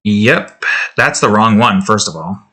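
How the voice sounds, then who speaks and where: A man's voice: lowish voice, animated, measured pace, sharp tone. A man casually talking to himself as he tweaks sound effects for a game he's making, rambling and cutting himself off. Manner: rambling, self-interrupting, chuckling to himself. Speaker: game developer vlogger. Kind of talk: casual thinking-aloud commentary while editing sounds.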